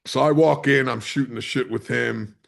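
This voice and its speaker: A charter captain from the US East Coast, a guest on a podcast, telling a story in a lively, salty way and acting out what people said. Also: male voice, medium pitch, moderate pace, vocal fry. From Maryland's Eastern Shore, USA. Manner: vivid storyteller, swears freely, acts out quotes. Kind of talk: conversational storytelling.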